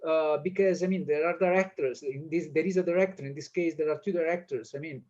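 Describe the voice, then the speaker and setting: An Italian-speaking man, a film director, answering interview questions in English with lively, stumbling energy and frequent restarts. His voice sits high for a man. The sound is dull and lo-fi, like a video call. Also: quick pace. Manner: animated, hesitant non-native English with many restarts. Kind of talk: casual interview conversation.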